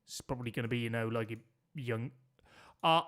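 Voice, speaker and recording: A man's voice: mid-range voice, a little fast, fairly bright tone. A man streaming a geography guessing game, chatting and joking with his viewers as he plays. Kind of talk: casual gameplay commentary.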